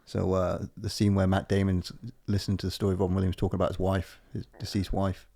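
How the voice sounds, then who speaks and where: Fast-talking gravelly man. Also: deep voice, completely flat delivery, dark tone. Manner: rambling, sweary, tangent-hopping. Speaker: podcast co-host. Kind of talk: casual chat.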